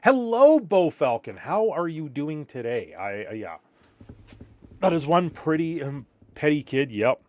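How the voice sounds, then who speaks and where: A man's voice: on the high side, big pitch swings, measured pace, darkish tone, dry recording. Tired man chatting on stream. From Canada. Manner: rambling, reacting aloud to viewer chat. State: a little tired. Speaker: live streamer. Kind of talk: casual live-stream chat.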